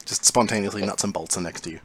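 A man narrating a tabletop role-playing game as game master, describing scenes in a calm, measured way. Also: low-pitched, heavy background noise.

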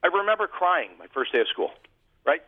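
A man's voice: high voice, sing-song, fairly quick, dry recording. A man, a former hockey goalie, telling humorous, self-deprecating stories as a guest in a casual interview. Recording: tinny phone-like line.

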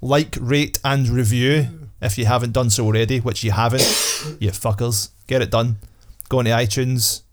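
A man's voice: mid-range voice, steady tone, moderate pace, few pauses. A man with a Scottish accent co-hosting a casual podcast, joking, laughing easily and rambling. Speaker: podcast co-host.

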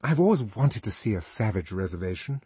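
A man's voice: fairly low pitch, sing-song, a little fast, mellow, husky, no room sound, full character voice. A man voicing a breezy young woman. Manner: light, breezy and teasing.

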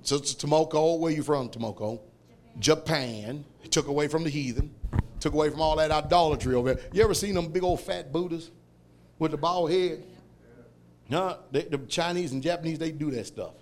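Preacher guy, high voice, loud and rowdy, shouts a lot. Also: fairly quick. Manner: loud, shouting, laughing, animated storytelling. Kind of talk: fiery sermon.

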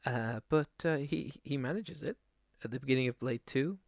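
Male podcast co-host, gravelly, rambling casual film chat, dry close sound. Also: medium pitch, moderate pace, no room sound. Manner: rambling, lots of restarts and fillers.

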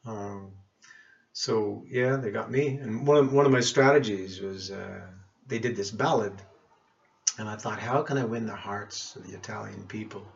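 A middle-aged musician from Cape Breton Island, Nova Scotia, Canada, appears as a guest in a casual interview, spinning warm, rambling anecdotes from his life with frequent restarts. His voice is fairly low with vocal fry, at a moderate pace. The podcast recording is muffled and lo-fi.

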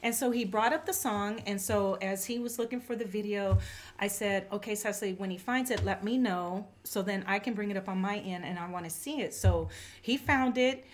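A woman's voice: medium pitch, moderate pace, a little hiss or hum. An older woman co-hosting a Christian podcast, telling a family story in a casual way and acting out the quoted voices. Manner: animated, acts out quoted dialogue. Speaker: podcast co-host.

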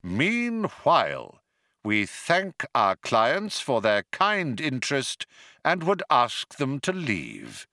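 A man reading an audiobook and voicing an old recorded announcer from an ancient world, hollow and reedy, polite with quiet menace. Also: fairly high pitch, huge pitch swings, a little slow, no echo, clean studio sound, pitched above the performer's own voice, full character voice. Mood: menacing.

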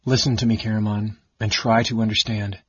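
A man reading an audiobook, voicing a cold, sardonic male mage who speaks softly and evenly. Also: lowish voice, level tone, husky, dry recording, muffled recording. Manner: soft, measured, icy.

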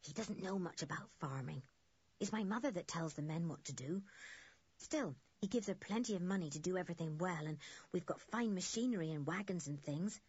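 A woman's voice: fairly high pitch, sing-song, normal speed, husky, dry recording, lo-fi sound, voice pushed up. A woman doing a cheerful farm boy. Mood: hushed. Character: friendly, proud young farm boy.

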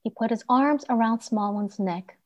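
A woman reading a children's story aloud in a gentle, expressive way. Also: on the high side, normal speed, dull audio.

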